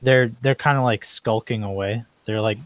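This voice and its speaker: A man's voice: on the low side, moderate pace, no room sound. A man narrating as game master in a tabletop game, loose and full of fillers, on slightly muffled call audio. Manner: loose, hesitant, many fillers.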